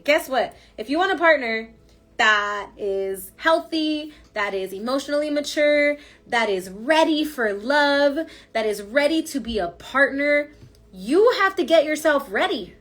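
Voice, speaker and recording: A woman with a slightly high voice gives a casual spoken tarot reading, emphatic and coaching, with slangy asides. Soft music plays faintly behind her. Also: animated, unhurried. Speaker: tarot reader.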